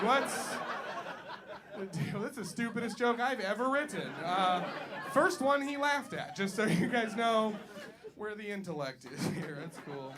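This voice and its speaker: A young man performing stand-up in a small club, his voice high and bouncing all over the place. The live recording carries a clear layer of noise under the mic. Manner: animated, jumps loud for acted-out lines. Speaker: stand-up comedian. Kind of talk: stand-up comedy set. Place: small comedy club stage.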